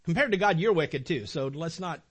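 High-voiced middle-aged man preaching. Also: brisk, breathy edge. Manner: animated, emotional, repeats phrases for emphasis. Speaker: pastor. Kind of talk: sermon. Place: church sanctuary.

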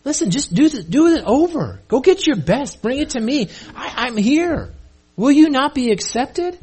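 A man's voice: very high voice, big pitch swings, normal speed, a little mellow, husky, voice pushed up, heavily acted. A preacher voicing God as a patient, coaxing male figure who urges a listener to try again. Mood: pleading. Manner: urgent, coaxing.

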